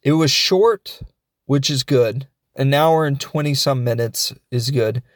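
A man's voice: mid-range voice, dry recording. Jokey man recapping a film, dry sound. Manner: animated retelling, acting out characters' lines in quick voices; jokey, offhand, with chuckles. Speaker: film reviewer and show host. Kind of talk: casual film recap and review.

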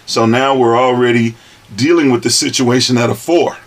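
A man, a father, in a casual group talk, explaining his views in a relaxed way with everyday analogies. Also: mid-range voice, moderate pace.

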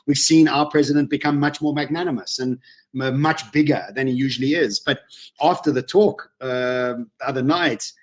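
A man, telling personal stories in an animated, emotional way as a guest on a casual webinar interview. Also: medium pitch, moderate pace. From South Africa.

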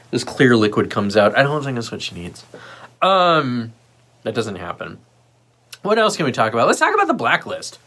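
A man hosting a livestream, talking casually and rambling with lots of fillers and asides. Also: mid-range voice. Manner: puts on lively voices when quoting others. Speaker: livestream host.

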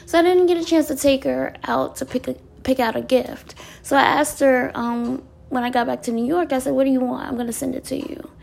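A bubbly woman vlogger talks straight to her viewers in a high voice with a gravelly edge. She laughs often through her stories and slips into soft, breathy asides. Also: steady tone, a little fast, hardly any pauses. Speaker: wellness vlogger. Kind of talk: casual chat to viewers.

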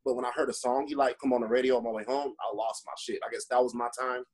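A young man in casual chat, talking quickly and plainly, with some swearing. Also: medium pitch, level tone, breathy edge.

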